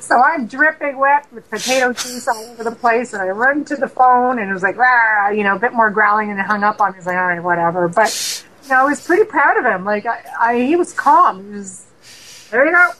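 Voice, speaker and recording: Canadian woman telling lively ghost stories. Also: fairly high pitch, brisk, poor audio. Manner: animated, laughing storyteller acting out dialogue. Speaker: paranormal investigator guest. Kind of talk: casual storytelling interview.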